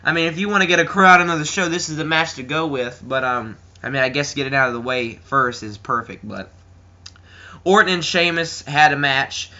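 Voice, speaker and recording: A teenage boy talks in a rambling, casual way, full of fillers and restarts. His voice is bright and sits a bit high, and the recording sounds slightly dull and lo-fi. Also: fairly quick. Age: teens. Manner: rambling, filler-heavy, acts out quotes in a higher voice. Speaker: wrestling reviewer. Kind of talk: casual chat.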